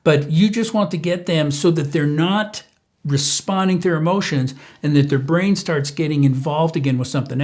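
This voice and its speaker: A middle-aged man speaks in a relaxed, conversational way, hosting a parenting channel. His voice sits a little high for a man, and he talks casually to the camera, pausing with fillers and restarting sentences as he goes. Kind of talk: casual advice talk to camera.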